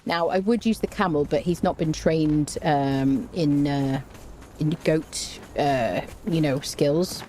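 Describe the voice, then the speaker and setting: Playing a game on stream, a woman gives casual commentary, talking to chat, greeting viewers, and humming and scatting as she goes. Her deep, mellow voice takes things slowly, with a little hiss or hum in the recording.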